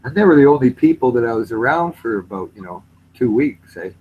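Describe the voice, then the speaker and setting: A man from Canada chats casually with others in a voice chat, his pitch rising and falling in lively sweeps. He laughs as he talks and slips into other accents while he tells stories. A faint hiss of noise sits under his voice. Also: brisk, phone-quality sound. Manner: animated, puts on British accents while retelling, laughs often.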